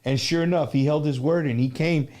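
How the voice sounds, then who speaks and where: A man's voice: a little high, a little fast, a little mellow. A male show host, chatting in a laid-back way and dropping in Spanish words. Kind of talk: casual chat.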